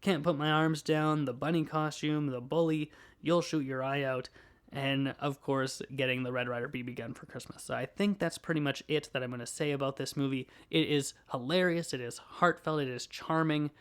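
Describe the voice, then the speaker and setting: Young male podcast host, slightly high voice, animated and chuckling through a casual movie recap. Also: moderate pace, clear, resonant tone. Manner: animated plot retelling with frequent laughs.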